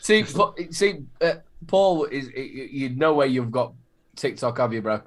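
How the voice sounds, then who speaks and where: A man's voice: medium pitch, animated, a little slow. A British man in casual banter, teasing the others and tripping over his words.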